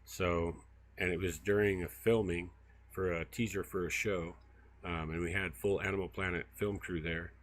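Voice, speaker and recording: His voice is low-pitched and a bit bright, with fairly even intonation at normal speed. Strolling through brushy riverside woods on a casual livestream, this field researcher tells rambling stories packed with fillers.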